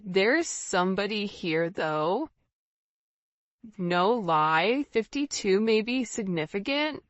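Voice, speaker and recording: Woman tarot reader, chatty and intuitive, middle pitch, slightly muffled recording. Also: animated, takes it slowly, no echo. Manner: intuitive, repetitive, casual phrasing. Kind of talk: tarot reading monologue.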